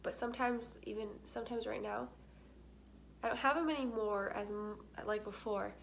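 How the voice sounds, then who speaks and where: A young woman talks casually to her camera, candid and chatty, her sentences full of filler words. Her voice sits a little high, with a faint background hiss behind her. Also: steady tone, moderate pace, vocal fry. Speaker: vlogger.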